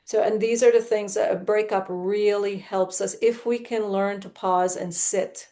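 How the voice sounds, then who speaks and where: Expressive podcast speaker: a woman with a mid-range voice who tells stories animatedly and acts out old conversations. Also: mid-range voice, a little slow.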